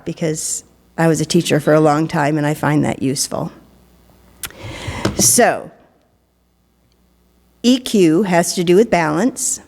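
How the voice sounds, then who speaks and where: A fairly low-pitched, darkish woman's voice belongs to a middle-aged minister delivering a sermon in a church sanctuary during worship. She jokes and plays with her listeners, and the recording carries the long reverb of a large hall.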